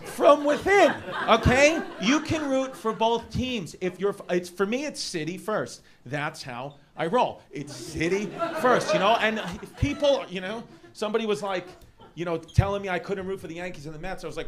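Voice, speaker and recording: A man with a thick New York accent riffs through a stand-up set, his voice sitting high for a man. He rambles, doubles back and rises to shouts on his punchlines. A live club crowd laughs loudly around him. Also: animated, moderate pace. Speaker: stand-up comedian. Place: comedy club with a laughing audience. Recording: live club recording with audience noise.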